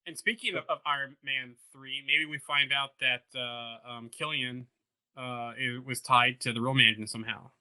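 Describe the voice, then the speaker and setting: A man's voice: medium pitch, steady tone, normal speed, sharp tone, clear, resonant tone. A man hosting a podcast, running through news in casual chat and steering the topics carefully. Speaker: podcast host.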